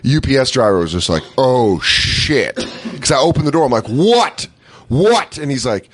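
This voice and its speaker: A man's voice: mid-range voice, expressive, fast talker, dry recording. A podcast co-host telling a story in a casual chat, acting out his own angry outbursts and swearing a lot.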